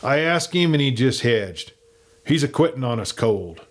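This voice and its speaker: A man's voice: medium pitch, lively intonation, moderate pace, pitched above the performer's own voice, lightly acted. A man voicing a cocky outlaw messenger in folksy, ungrammatical frontier talk. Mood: reporting.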